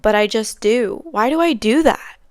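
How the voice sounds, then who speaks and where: Young woman rambling on her podcast, bit high, smooth voice, dry sound. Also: normal speed, no echo. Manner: chatty, rambling storytelling with many fillers. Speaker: podcast host. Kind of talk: casual chat.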